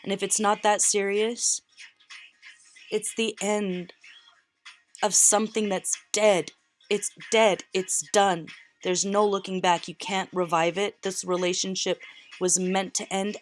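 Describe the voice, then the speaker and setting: A woman's voice: mid-range voice, little pitch movement, a little slow, faint music behind. A woman giving a tarot reading in an earnest, emotional way, close to tears. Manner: earnest, emotional, repeats phrases for emphasis. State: near tears. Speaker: tarot reader.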